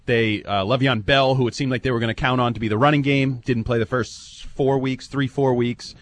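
A man's voice: mid-range voice, a little fast, dry recording. A man co-hosting a sports radio show, breaking down the game with a joking edge. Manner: joking, animated analyst. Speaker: radio co-host. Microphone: studio microphone.

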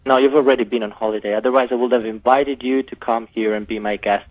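A man's voice: medium pitch, steady tone, quick pace, no echo. A man from southern Italy with an Italian accent touched by British English, calling into a radio show in chatty, slightly broken English. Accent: Italian with some British. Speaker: caller. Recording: dull lo-fi phone line.

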